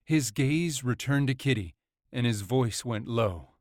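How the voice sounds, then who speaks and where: A man narrating a romance audiobook in an even, measured way. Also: mid-range voice, no room sound, clean studio sound. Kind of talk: scripted narration.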